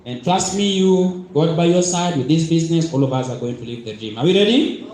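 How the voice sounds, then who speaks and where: Rousing Zambian speaker leading a chant. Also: male voice, on the high side, animated, fairly quick, darkish tone. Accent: Zambian English. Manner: rousing, leads call and response. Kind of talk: motivational speech. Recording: echoey hall, crowd and noise.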